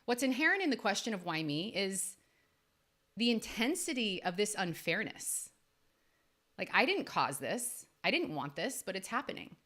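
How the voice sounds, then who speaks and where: A woman in her thirties hosts a faith-based coaching podcast. Her voice is bright and lively, and it jumps up for emphasis as she speaks earnestly to her listeners. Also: moderate pace. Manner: earnest and emphatic, with sudden rises in pitch. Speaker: podcast host and life coach. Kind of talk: faith-based motivational talk.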